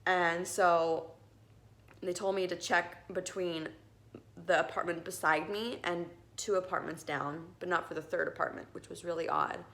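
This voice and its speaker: A woman's voice: lowish voice, steady tone, moderate pace, fairly bright tone. A young woman casually telling a story to the camera, rambling and emotional with many restarts. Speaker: cat owner telling a story.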